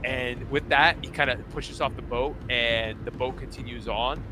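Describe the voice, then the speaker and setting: A man running a tabletop game as game master, narrating in a rambling, lively way and often restarting his phrases. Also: mid-range voice, moderate pace. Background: music.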